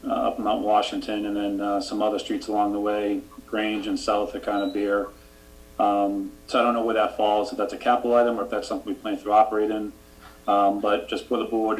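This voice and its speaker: A man giving the board a casual update at a town meeting, hesitant with many fillers and restarts. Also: fairly low pitch. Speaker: town official. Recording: distant mic with faint hum.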